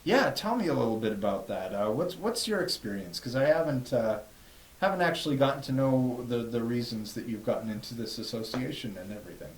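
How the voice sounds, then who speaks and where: A man hosting a casual radio chat, relaxed and wry, often restarting his sentences as he thinks. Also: medium pitch, a little fast. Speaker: radio host. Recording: echoey room.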